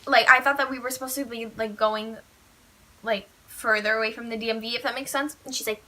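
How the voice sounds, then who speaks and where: A teen vlogger gushes through a storytime for her audience, animated and talkative, with "like" in almost every phrase. She speaks fairly quickly in a high, bright, sharp voice.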